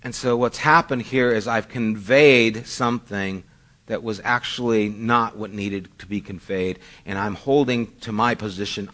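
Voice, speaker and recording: A man's voice: lowish voice, steady tone, measured pace, fairly bright tone. A middle-aged male pastor preaching a sermon in a conversational, storytelling way, poking fun at himself. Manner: conversational storytelling with self-deprecating asides.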